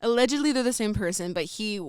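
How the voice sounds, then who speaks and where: A woman's voice: medium pitch, expressive, fast, clear, resonant tone. A young adult woman chatting as a podcast guest, giggly and chatty with lots of fillers. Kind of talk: casual chat.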